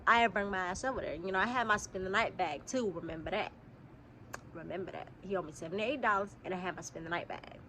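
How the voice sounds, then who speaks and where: A young woman, telling a casual storytime vlog straight to her viewers. She is a little sick and keeps clearing her throat, and her talk is animated and full of swearing. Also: mid-range voice, fast talker, a little hiss or hum. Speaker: vlogger. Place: outdoors.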